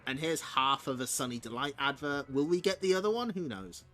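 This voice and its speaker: Reading a comic aloud on stream, a male host tosses in casual, wry remarks and laughs often. His voice is on the high side, expressive and sharp, fairly quick, with faint music playing in the background.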